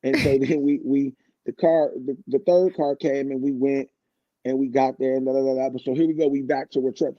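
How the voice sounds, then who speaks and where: A man's voice: mid-range voice, fairly even intonation, brisk, no room sound, highs cut off. A man in his fifties, a guest singer on a radio show, telling a long, laid-back story with plenty of restarts. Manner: laid-back, rambling anecdotes with frequent restarts. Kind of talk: casual storytelling.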